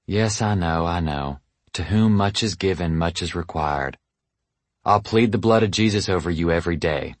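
A man's voice: sits low, moderate pace, no room sound, natural voice. A man voicing a devout, protective mother with a Southern US accent in an audiobook story. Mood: worried. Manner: anxious, pleading, then forbidding.

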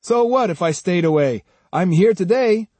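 A man's voice: high-pitched, expressive, normal speed, darkish tone, dry recording, pitched above the performer's own voice. A man voicing an arrogant, contemptuous male swordsman who questions people in a surly, condescending way. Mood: surly, probing.

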